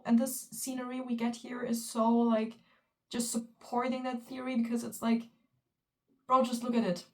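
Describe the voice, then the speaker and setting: Excitable young woman ranting as a fan. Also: fairly high pitch, far from the mic. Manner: emotional, swears often, many fillers like "bro" and "like". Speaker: fan vlogger. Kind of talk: excited fan reaction commentary.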